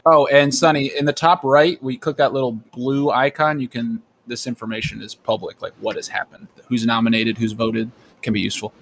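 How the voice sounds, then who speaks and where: A man running a live-streamed social deduction game over voice chat as its storyteller, briskly announcing nominations and votes. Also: mid-range voice, level tone, a little hiss or hum.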